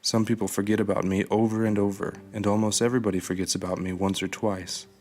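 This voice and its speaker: A man voicing a kind, gently joking God in a children's storybook reading, speaking in a warm, reassuring manner. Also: fairly low pitch, little pitch movement, fast talker, lightly acted.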